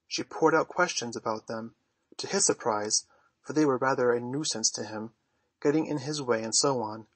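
A man reading a classic children's novel aloud in measured storytelling. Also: medium pitch, no echo. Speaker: audiobook narrator. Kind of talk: scripted narration of a classic novel.

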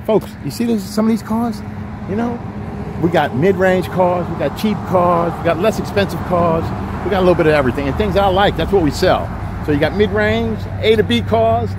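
A man pitching used cars outdoors, talking in folksy, joking salesman patter. His voice sits a bit high for a man. Faint outdoor noise hums behind him. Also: fairly quick. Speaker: used car dealer. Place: outdoors on a rainy car lot.

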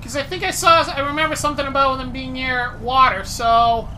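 A woman playing a horror game and commenting, jumpy and quick to yell and swear when startled. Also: high-pitched, fairly even intonation, a little hiss or hum. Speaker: player. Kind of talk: let's play commentary.

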